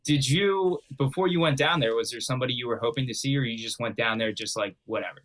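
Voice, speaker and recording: A man's voice: mid-range voice, quick pace, fairly bright tone, rough recording. Brief: easygoing male guest with a mid-range voice, asking questions. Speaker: podcast guest. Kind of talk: casual chat.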